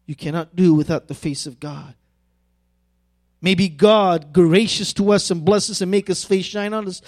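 A man preaching a sermon as pastor, earnest and emphatic, stretching out key phrases. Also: high-pitched. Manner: earnest, drawn-out emphatic phrases building to fervent pleading.

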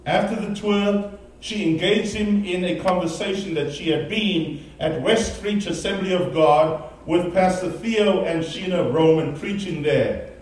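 A man preaching a sermon, telling a story with animated, emphatic delivery. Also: sits high. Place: church sanctuary. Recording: very echoey, distant mic in a large room.

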